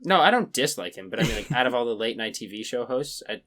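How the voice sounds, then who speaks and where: A man's voice: mid-range voice, fast. A young man co-hosting a podcast in casual chat, joking and acting out little bits of other people. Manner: animated, mock-voices people for jokes. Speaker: podcast co-host.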